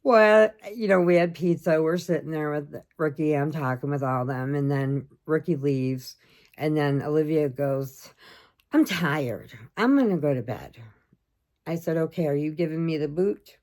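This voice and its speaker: A woman's voice: deep voice, normal speed. A middle-aged woman chatting casually to camera, telling a funny family story and acting out what everyone said. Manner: chatty storyteller, animated quoting of others. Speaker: crochet vlogger.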